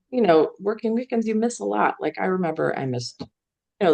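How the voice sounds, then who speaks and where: Low-voiced woman telling career stories. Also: a little mellow. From Iowa. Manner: rambling storytelling with frequent fillers and laughs. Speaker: guest, veteran news executive. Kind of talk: casual interview chat.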